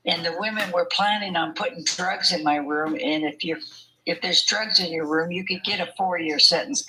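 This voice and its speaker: A woman's voice: lowish voice, moderate pace, a crowd in the background, rough recording. An older woman telling her story in an interview, chatty and often laughing as she talks. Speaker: interview guest. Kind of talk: conversational storytelling.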